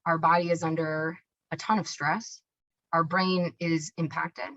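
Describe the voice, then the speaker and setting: Energetic woman presenting a webinar, lo-fi audio. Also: low-pitched, unhurried. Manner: energetic, self-described hyperactive, many tag questions and restarts. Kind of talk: explanatory webinar talk.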